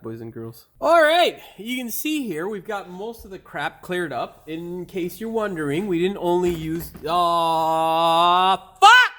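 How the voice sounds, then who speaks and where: Male mechanic host, slightly high voice that swings wildly, loses his lines and curses in frustration. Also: slight background noise. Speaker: auto mechanic channel host. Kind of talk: bloopers from a car repair video.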